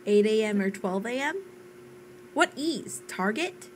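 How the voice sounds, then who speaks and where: Unhurried, playful woman streamer. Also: a little high, animated, slight background noise. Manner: playful, giggly, self-teasing. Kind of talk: casual chat while live-streaming a game.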